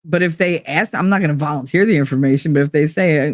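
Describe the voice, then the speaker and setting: A woman's voice: low-pitched, fast, few pauses, dry recording. A young adult woman streamer chatting casually while reading quiz questions aloud, blunt, joking and full of profanity. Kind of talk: casual chat reading online quizzes aloud.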